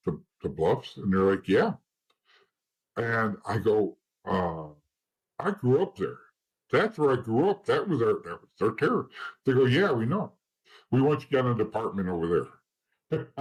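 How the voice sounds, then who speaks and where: In a rough recording, a middle-aged man with a husky, mid-range voice tells his story as an interview guest. He's a former informant, and he speaks bluntly and profanely, reenacting old conversations.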